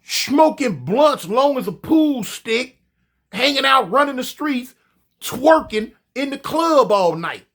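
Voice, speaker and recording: A man telling a story casually, animated and profane, often stammering and repeating himself. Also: very high voice, takes it slowly.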